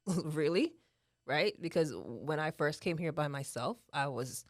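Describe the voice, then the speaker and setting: Earnest and casual, a Jamaican-accented guest speaker in her thirties from Jamaica laughs often, repeats herself, and keeps checking in with "right?". Her deep voice is expressive and a little slow. The recording is dry and studio quality.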